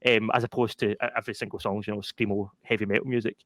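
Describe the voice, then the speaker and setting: A man's voice: fairly low pitch, level tone, rapid-fire, no room sound, clean studio sound. A man, co-hosting a gaming podcast in casual chat, laughing often and talking with lots of fillers. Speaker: podcast co-host.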